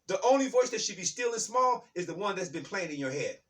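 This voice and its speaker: A man giving an impassioned spiritual talk, fired up and preachy, repeating key lines and shouting words for emphasis. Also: high-pitched, animated, a little fast, hardly any pauses, far from the mic. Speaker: motivational speaker.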